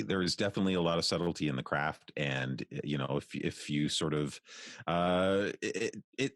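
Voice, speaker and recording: A Canadian man with an extremely low, gravelly voice that rises and falls a lot as he talks. He chats in an easygoing, thoughtful way, restarting sentences as he goes. The recording is dry and close. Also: dry recording. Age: middle-aged. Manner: thoughtful, chatty, with many restarts and quotes. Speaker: voice actor guest. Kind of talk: relaxed conversational interview.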